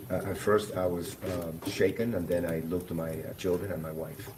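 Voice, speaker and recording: A man working as a court interpreter, switching between Spanish and English in a quick, businesslike way with frequent fillers. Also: low-pitched, fairly even intonation, noisy background.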